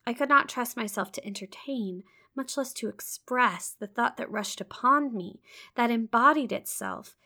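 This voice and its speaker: A woman's voice: on the high side, normal speed, sharp tone. A woman reading a classic first-person novel aloud expressively, with casual amused asides between passages. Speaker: reader.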